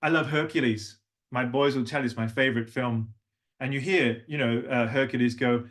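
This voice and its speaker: A middle-aged man with a slight Australian accent leads a voice workshop as a language coach. His pitch sits in the middle range, and he talks in an encouraging, demonstrative teaching manner, often stopping to show a phrase the way he wants it said. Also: steady tone, normal speed. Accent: neutral, slight Australian. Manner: demonstrative, warm teacher who sings examples.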